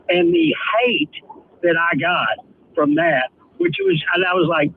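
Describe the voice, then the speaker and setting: Man calling in, lively gravelly voice, tinny phone line. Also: sits high, a little slow, slight background noise. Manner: animated, sarcastic storyteller. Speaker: caller. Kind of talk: call-in radio chat.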